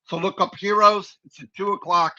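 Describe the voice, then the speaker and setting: A man's voice: sits high, steady tone, moderate pace, bright, forceful tone. A man co-hosting a live company stream, giving rambling, folksy, preachy advice in a casual pep talk. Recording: dull lo-fi stream audio.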